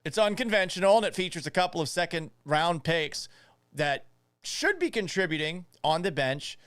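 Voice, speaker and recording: An opinionated male sports host talks with animated, sarcastic energy. His voice sits a little high and moves around a lot. The studio sound is close and dry. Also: normal speed, clear, resonant tone, no echo. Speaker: sports radio and podcast host.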